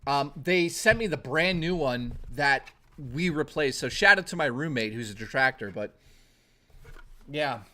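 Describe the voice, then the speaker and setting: Bright, rowdy male streamer. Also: medium pitch, unhurried. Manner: rowdy, profane, excitable banter. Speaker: livestreamer. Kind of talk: casual live-stream chat.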